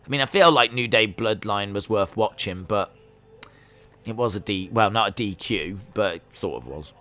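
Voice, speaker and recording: A man's voice: fairly low pitch, normal speed, bright, forceful tone. A man hosting a live watch-along stream, musing casually with lots of fillers and restarts. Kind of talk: live reaction commentary.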